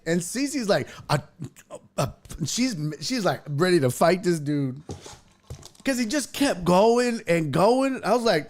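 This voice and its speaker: A man hosting a podcast, telling a story in casual chat, swearing freely and building to loud rants. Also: sits high, takes it slowly. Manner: profane, animated, rising to loud rants. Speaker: podcast host.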